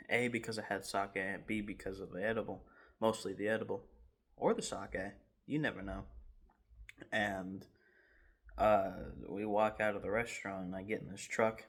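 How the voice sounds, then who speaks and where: A man in his garage telling a rambling, animated story time with laughs and restarts. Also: on the low side. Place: home garage.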